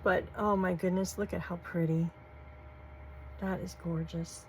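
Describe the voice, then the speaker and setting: A woman, gushing softly as she shows off craft supplies in a casual vlog. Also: lowish voice, fairly even intonation, a little slow, slight background noise, low-quality recording. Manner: gushing, soft-spoken, folksy. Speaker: crafting channel host. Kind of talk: casual show-and-tell vlog.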